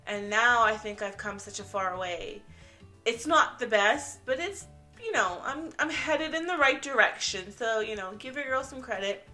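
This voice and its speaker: A woman's voice: on the high side, expressive, normal speed, bright, forceful tone, faint music behind. A young Canadian woman with an accent partly mixed with British English, chatting casually and rambling to the camera as she introduces herself. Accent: Canadian with some British English mixed in. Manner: chatty, rambling, self-mocking. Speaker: vlogger.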